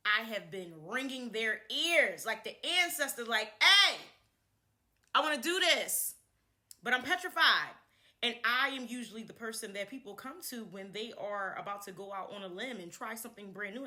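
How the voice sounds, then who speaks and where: A young woman chatting casually to camera to introduce her channel, animated and laughing often as she repeats herself. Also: fairly high pitch.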